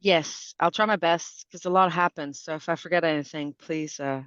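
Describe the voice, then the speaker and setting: A man's voice: fairly high pitch, fairly even intonation, normal speed, a bit bright, smooth, no echo. Guy from canada, 30s, interview guest, lots of ums, muffled dry audio. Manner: thoughtful, with frequent fillers and restarts. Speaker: guest expert. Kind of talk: conversational interview. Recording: dull, dry lo-fi sound.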